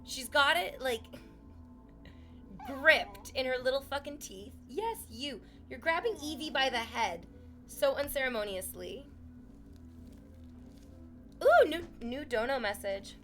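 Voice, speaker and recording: A woman's voice: sits high, lively intonation, takes it slowly, long pauses, fairly bright tone, faint music behind. A woman streaming from home, chatting casually with her viewers in a sarcastic, teasing way and swearing freely.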